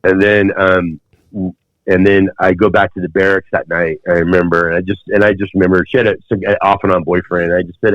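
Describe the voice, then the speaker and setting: A man in his fifties with a lowish voice tells a long story as a podcast guest, rambling through fillers and restarts. The audio is dull and very dry. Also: flat delivery, fairly quick, no room sound. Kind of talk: storytelling in conversation.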